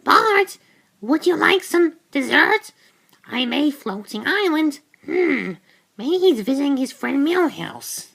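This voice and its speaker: A woman voicing a gentle, caring cartoon mother with a sweet, sing-song manner. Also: sits high, big pitch swings, slow, vocal fry, voice pushed up, full character voice.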